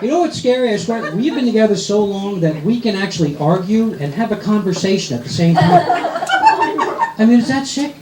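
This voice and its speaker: A stand-up comedian from New York complains with exasperation and fires off rhetorical questions. His voice swings up and down with animated energy. Big, loud audience laughter fills the echoey club around him. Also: high voice, brisk, very noisy.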